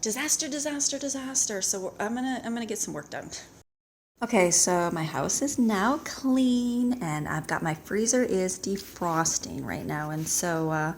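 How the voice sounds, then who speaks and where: A woman in her thirties, a vlogger and mother of a large family, chats casually to the camera at home. Her lowish voice is animated but a little slow, full of fillers as she rambles, with a bit of hiss or hum in the audio.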